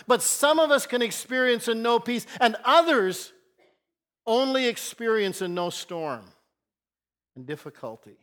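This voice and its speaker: A man preaching a sermon as pastor, telling a Bible story earnestly and shifting between soft and loud emphasis. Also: very high-pitched.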